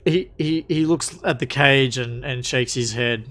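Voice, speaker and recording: A man's voice: medium pitch, unhurried, a bit bright. A man narrating a tabletop game as game master, in a casual way with frequent restarts. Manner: casual, many restarts and fillers.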